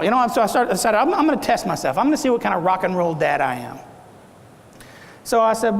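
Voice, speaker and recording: This keynote speaker is a middle-aged man whose high, creaky voice moves at a quick pace. In his animated motivational talk he fires questions at the audience and acts out various tones. The sound echoes around the large conference hall where he speaks.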